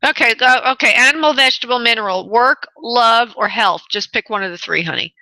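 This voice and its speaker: Bright, higher woman radio host, chatty medium, dry sound. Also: brisk, dry recording, low-quality recording. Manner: chatty, affectionate, laughs often. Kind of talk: call-in radio readings.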